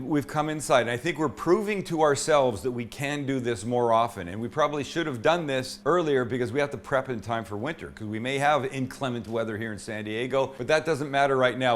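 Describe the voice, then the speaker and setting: A man hosting a cooking show from his indoor home kitchen, chatty and irreverent as he demonstrates a recipe. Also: mid-range voice.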